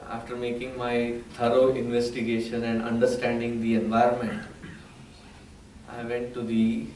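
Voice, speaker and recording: A man's voice: mid-range voice, monotone, moderate pace, darkish tone, a little hiss or hum. Man, swami telling jokes in a discourse; echoey hall, somewhat off-mic. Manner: storytelling, teasing the audience. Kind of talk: humorous spiritual discourse with jokes. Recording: roomy hall, mic at a distance.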